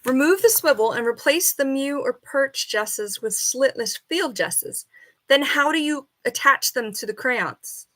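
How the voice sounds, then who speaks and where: A woman on a casual live stream, reading quiz questions aloud and arguing with the answers, and now and then talking softly to her bird. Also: high voice, expressive, unhurried. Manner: chatty, reads questions then argues with the answers. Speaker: falconer streamer.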